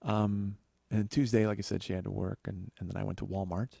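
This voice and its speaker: A man hosting a podcast, telling a personal story in a storytelling monologue, swearing often and getting louder and higher when worked up. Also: a little fast, vocal fry, slightly rough, no echo. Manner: profane, excitable, voice rising when worked up. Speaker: podcast host.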